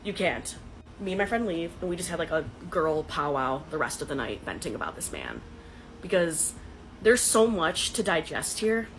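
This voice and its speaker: A woman's voice: low-pitched, big pitch swings, moderate pace, a little hiss or hum, rough recording. A young woman telling a dating story to her phone camera in a casual, dramatic, sarcastic way. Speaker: dating content creator.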